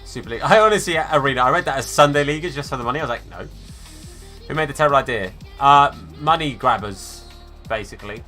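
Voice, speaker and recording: A man's voice: mid-range voice, animated, fast talker, pushed and bright, soft background music. A man live-streaming a football game, chatting casually and answering viewers by name, calling them mate and fella.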